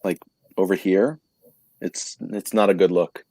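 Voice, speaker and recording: Lively joking man hosting a podcast. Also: low-pitched, a little slow, dry recording. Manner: animated, jokey storyteller. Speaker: podcast host. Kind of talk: casual video podcast chat.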